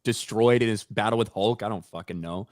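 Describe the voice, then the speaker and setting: A man's voice: on the low side, fairly quick, a little mellow, dry recording, studio quality. A man on a casual panel making crude jokes. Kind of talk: casual chat.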